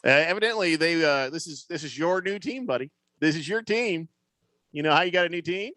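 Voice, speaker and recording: A man co-hosting a sports radio show, joking around and slipping into quick put-on voices. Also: on the high side, lively intonation, sharp tone, no room sound. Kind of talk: casual sports talk banter. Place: radio studio.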